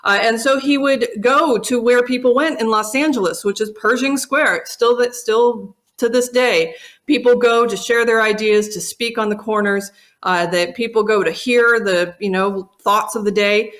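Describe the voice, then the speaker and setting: A woman's voice: fairly high pitch, normal speed, fairly bright tone. A middle-aged woman giving a conference keynote talk and telling her family's history in an earnest, reflective way. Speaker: keynote speaker from a family company.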